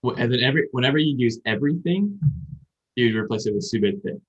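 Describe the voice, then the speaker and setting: Male podcast co-host, mid-pitch, chatty and meandering, slightly muffled lo-fi audio. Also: animated, fast. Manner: rambling, explains with many fillers and restarts. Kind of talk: casual chat about learning Japanese.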